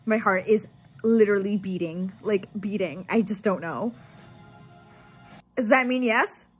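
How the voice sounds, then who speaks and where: A woman's voice: mid-range voice, measured pace, husky, soft background music. A woman reacting live to a reality show, exclaiming and emotional as she watches. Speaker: reaction channel host.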